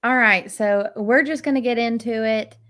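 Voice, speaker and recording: A woman's voice: a little high, fairly even intonation, normal speed, fairly bright tone, no room sound, clean studio sound. A woman from Texas, co-hosting a podcast in casual chat, recapping a reality show with lots of enthusiasm. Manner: chatty, laughs often, recaps with enthusiasm. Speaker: podcast co-host.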